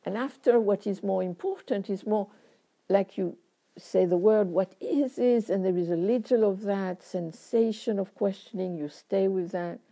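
A middle-aged woman teaching meditation, reflective and unhurried, speaking in short phrases with frequent pauses. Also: medium pitch, warm tone.

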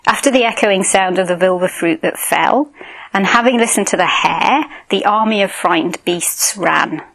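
A woman voicing a gentle, wise lion. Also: medium pitch, vocal fry. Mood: calm. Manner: gentle yet firm, slow and measured. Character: wise, calm male lion.

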